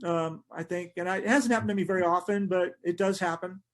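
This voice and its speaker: A middle-aged sports writer tells lively anecdotes in a podcast interview, laughing often and starting sentences over. His voice is high and a little fast.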